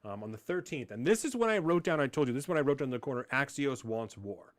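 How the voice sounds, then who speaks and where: A man's voice: fairly high pitch, big pitch swings, rapid-fire, dry recording. Heated, swearing male podcast host. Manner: heated, profane ranting, mocking voices. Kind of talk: casual political podcast talk.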